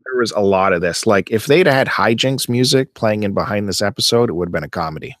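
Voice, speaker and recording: A man with a fairly low voice co-hosts a casual podcast chat, recorded dry and close. He talks easily and breaks into animated, exasperated rants. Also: a little fast, no echo. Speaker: podcast co-host.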